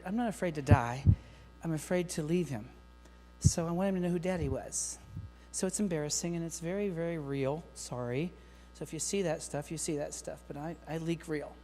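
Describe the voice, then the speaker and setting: Energetic man speaking in a reverberant hall. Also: a little high, fairly quick. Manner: energetic, joking, talks straight to the audience. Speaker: keynote speaker to teachers. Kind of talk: lively conference keynote. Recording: long hall reverb with faint mains hum.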